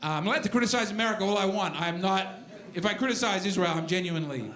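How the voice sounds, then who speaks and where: A man with an Australian accent doing a stand-up set, dry and mocking, with shouted impressions. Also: high voice, animated, fast. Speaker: stand-up comedian. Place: comedy club stage. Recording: roomy club recording with loud crowd. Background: audience laughter.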